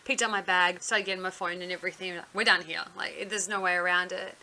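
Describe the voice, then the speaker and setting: A woman's voice: on the low side, fairly even intonation, fairly quick, bright, forceful tone. A woman telling a story on her vlog in a blunt, sarcastic way, swearing freely. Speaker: vlogger.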